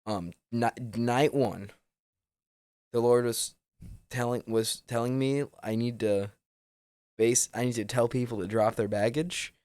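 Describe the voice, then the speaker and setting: A man guest telling a personal story in an earnest, halting way. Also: mid-range voice, steady tone, darkish tone, dry recording, clean studio sound. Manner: earnest, halting, restarts often.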